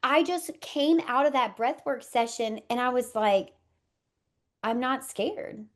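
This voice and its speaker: A woman's voice: on the high side, a little slow. A woman in her thirties, a doula and podcast guest expecting her first baby, speaking in an earnest, heartfelt, reflective way. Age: 30s. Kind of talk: podcast interview conversation.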